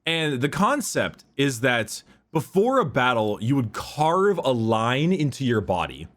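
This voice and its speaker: A man's voice: mid-range voice, very animated, a bit bright. A man hosting a casual lore chat, swearing freely and often stumbling and restarting his sentences. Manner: halting, profane, stumbles over words. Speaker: podcast host.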